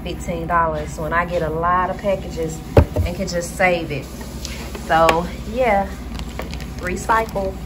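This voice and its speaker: A woman's voice: fairly low pitch, background noise. A woman vlogging casually and candidly, talking straight to her viewers and addressing them as y'all. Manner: animated, bursts into excited squeals. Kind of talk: casual vlog talk to viewers.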